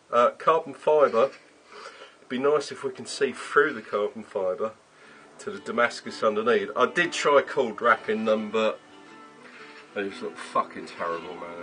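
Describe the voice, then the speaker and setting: A man's voice: fairly low pitch, sharp tone, low-quality recording. Chatty man in a garage workshop. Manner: chatty, swears casually, explains while working. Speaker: workshop maker. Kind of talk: casual workshop vlog.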